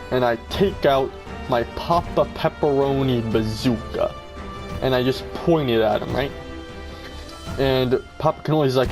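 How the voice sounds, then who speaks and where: A man telling a comic story about his role-play game in a deadpan, mock-dramatic way. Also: mid-range voice, moderate pace, over music.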